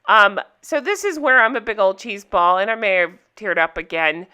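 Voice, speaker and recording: A woman's voice: mid-range voice, expressive, normal speed, sharp tone, clear, resonant tone. A woman recapping a reality TV episode for her viewers in casual chat, candid and chatty, laughing often.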